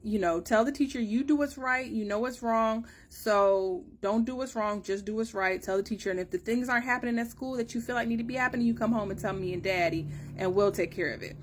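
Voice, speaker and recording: A mother gives a family update in a casual chat to camera. She tells it like a chatty story and acts out the dialogue, her pitch rising as she does.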